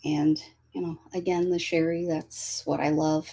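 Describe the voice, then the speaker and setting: Slow-talking husky woman with a gravelly edge. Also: deep voice, level tone, warm tone. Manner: enthusiastic, quick to agree. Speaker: guest. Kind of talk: casual livestream chat.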